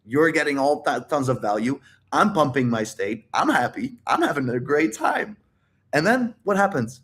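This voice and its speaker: A man's voice: on the high side, big pitch swings, moderate pace, fairly bright tone. Man, livestream coach, emphatic and repetitive, swears a lot, talks straight to chat. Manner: addresses viewers directly. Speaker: dating and life coach.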